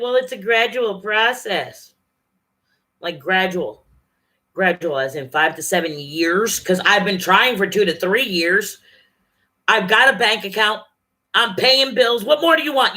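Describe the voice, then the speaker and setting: A woman's voice: medium pitch, pushed and bright. A woman venting angrily and profanely on her vlog, talking straight to her viewers. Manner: angry, profane, fast-shifting rant. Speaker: vlogger.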